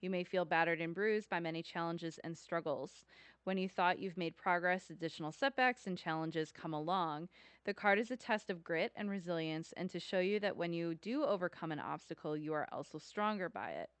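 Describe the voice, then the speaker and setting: Smooth-voiced woman podcast co-host. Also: lowish voice, moderate pace, no echo. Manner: chatty, laughs often, earnest. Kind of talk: casual podcast chat.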